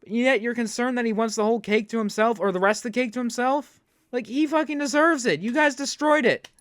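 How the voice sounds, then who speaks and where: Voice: medium pitch, a little fast, fairly bright tone, dry recording, studio quality. A reaction video host ranting indignantly, with heavy swearing.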